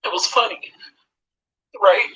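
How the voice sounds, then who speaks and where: A woman's voice: a little slow, a bit bright. A mother speaking out in blunt, profane, confrontational direct address. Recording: dull lo-fi sound.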